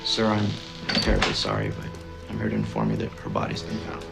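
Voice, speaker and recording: A man's voice: a bass voice, big pitch swings, a little fast, creaky, over loud music, full character voice. An actor playing a formal, grave male police officer in a film clip. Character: solemn male police officer delivering bad news. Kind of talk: film acting.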